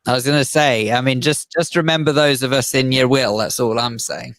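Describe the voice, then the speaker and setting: A man's voice: mid-range voice, steady tone, fairly quick, a bit bright, no echo. A man co-hosting a radio show in casual chat, talking earnestly and a little formally. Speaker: radio co-host. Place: radio studio.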